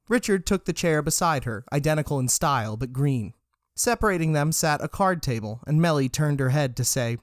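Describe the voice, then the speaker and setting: A man narrating a story with a steady, even reading. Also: mid-range voice, normal speed, no room sound, studio quality.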